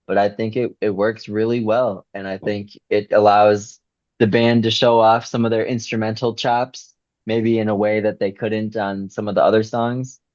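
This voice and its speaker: A man's voice: lowish voice, little pitch movement, normal speed, darkish tone, no echo. A man co-hosting a music podcast, talking in a thoughtful, reflective way. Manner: thoughtful, reflective, says "you know" often. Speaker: podcast co-host. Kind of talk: casual chat. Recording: dull dry lo-fi mic.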